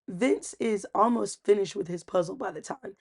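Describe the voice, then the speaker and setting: A woman casually recapping a reality TV episode, chatty and animated when she quotes people. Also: medium pitch, normal speed, gravelly. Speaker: recap host.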